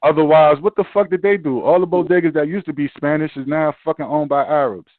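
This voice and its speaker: A man ranting profanely in casual chat, animated and forceful. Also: on the high side, fast talker, dry recording. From Brooklyn, New York. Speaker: podcast host. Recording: dry tinny phone-like sound.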